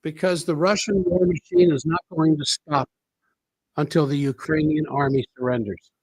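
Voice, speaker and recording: Emphatic husky man giving political commentary. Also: on the high side, fairly even intonation, moderate pace, darkish tone, no room sound, low-quality recording. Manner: emphatic, repeats key phrases for effect. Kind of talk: solo commentary monologue.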